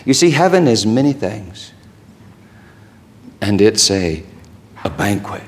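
A man preaching a sermon, impassioned, swinging from hushed tones to shouting. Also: lowish voice, very animated, slow pace, a little hiss or hum.

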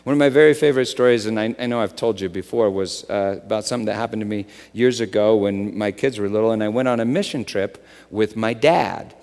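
A middle-aged man from the United States preaching a sermon, telling stories and swinging between loud excitement and a soft hush. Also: on the low side, fairly quick, few pauses. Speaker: pastor. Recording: long hall reverb.

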